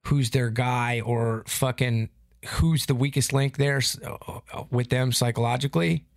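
Gravelly, profane man in casual chat. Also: mid-range voice, measured pace, no echo, studio quality. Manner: profane, animated storytelling. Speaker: podcast co-host.

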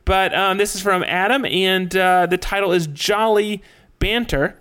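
Man, podcast co-host, slightly high voice, excitable, rambling. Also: measured pace, smooth. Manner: excitable, rambling, laughs often. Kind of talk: casual podcast chat.

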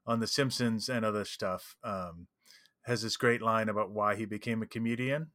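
A man co-hosting a podcast in casual chat, telling lively anecdotes. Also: lowish voice, normal speed, dry recording, studio quality. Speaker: podcast co-host.

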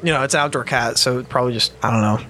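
A man's voice: medium pitch, very fast, sharp tone, a little hiss or hum, natural voice. A man playing a young party host in a tabletop game, talking in a casual, offhand way. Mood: laid-back.

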